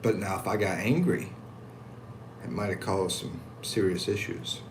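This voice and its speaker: A deep-voiced American man speaks at a measured pace while reading his livestream chat at home in the Philippines. He gives the comments animated voices and answers them with an easy chuckle, and background noise can be heard.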